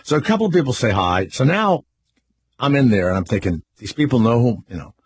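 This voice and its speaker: An older man hosting a talk radio show, telling a story in a loud, animated way and acting out what people said. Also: mid-range voice, a little fast, slightly rough, no echo. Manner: animated storyteller, acts out quotes.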